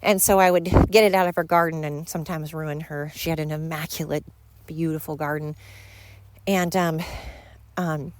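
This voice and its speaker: A middle-aged woman hosts her own podcast and talks off the cuff. Her voice sits a little low for a woman, and the sound is dry, with no room echo. She rambles, speaks frankly, and swears easily as she walks outside with her dogs. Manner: rambling, candid and profane. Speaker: podcast host. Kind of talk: casual monologue. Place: outdoors walking with dogs.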